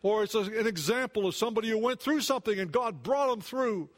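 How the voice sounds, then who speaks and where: A male pastor delivers a sermon in a high, light voice. He talks earnestly to his congregation, often sinking into near-hushed tones before rising again. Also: fast. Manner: earnest, swings between hushed and raised.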